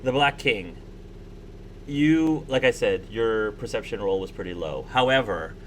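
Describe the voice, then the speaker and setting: A man narrating a tabletop game as game master, pausing and restarting often as he describes the scene. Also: fairly low pitch, lively intonation, slight background noise, poor audio. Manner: halting, with many restarts and fillers.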